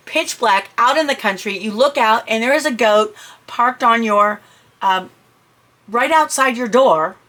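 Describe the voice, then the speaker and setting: Middle-aged woman, animated storyteller, chatty asides, bright ringing tone, pitched a little high. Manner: animated, jumps high and shouts when quoting her own panic. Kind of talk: personal anecdote told to listeners.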